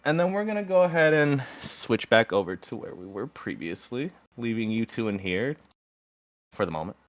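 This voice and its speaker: Lively young game master narrating. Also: male voice, mid-range voice, normal speed. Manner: lively storytelling, slips into character voices.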